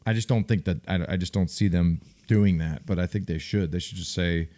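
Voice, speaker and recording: A middle-aged man with a fairly low voice chats casually about sports as a podcast co-host. He tells stories with animation and breaks into loud acted quotes from teammates. He talks in a relaxed, offhand way. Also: brisk. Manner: animated storyteller, acts out loud shouted quotes. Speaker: podcast co-host, former pro football player. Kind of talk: casual sports chat and storytelling.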